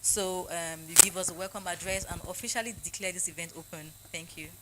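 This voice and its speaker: A Nigerian woman hosting a forum as its convener, a lively emcee who jokes with the audience. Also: lowish voice, fairly quick, very noisy.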